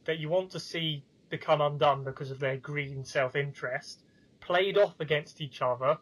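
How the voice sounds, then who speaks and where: A man's voice: a little high, a bit bright, low-quality recording. A man co-hosting a review podcast, recapping the plot with enthusiasm in casual chat. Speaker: podcast co-host.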